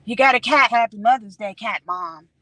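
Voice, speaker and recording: A woman's voice: on the high side, moderate pace, sharp tone, dry recording, poor audio. A woman chatting casually and candidly on a livestream, swearing freely and laughing as she talks. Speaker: vlogger. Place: in a car at night. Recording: road noise from a moving car.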